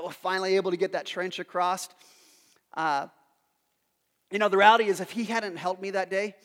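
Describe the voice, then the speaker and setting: A pastor preaching a sermon as an emphatic storyteller, building to loud, passionate peaks. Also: male voice, high-pitched, big-room sound.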